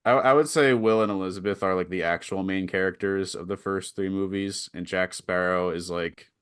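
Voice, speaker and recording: A young man co-hosting a casual podcast chat, excitable and quick to laugh, with lots of fillers. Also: low voice, clear, resonant tone, no echo, clean studio sound. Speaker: podcast co-host.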